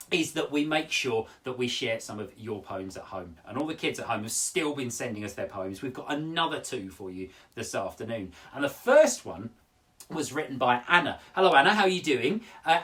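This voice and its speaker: A man presenting a children's poetry show from his home. His voice swings widely up and down as he talks to the kids at home. He is playful and expressive, with a pitch in the middle range. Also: far from the mic. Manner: animated, playful and expressive, addressing kids directly.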